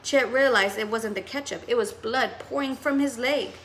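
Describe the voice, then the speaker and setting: A woman's voice: on the high side, normal speed, a little hiss or hum. A woman teacher reading a novel aloud expressively to her students. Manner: expressive storytelling.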